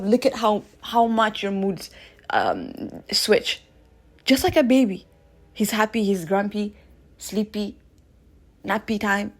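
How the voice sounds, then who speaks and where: Fairly high-pitched, a woman in her thirties hosts a radio show and offers a casual spiritual monologue, moving animatedly between loud bursts and gentle asides.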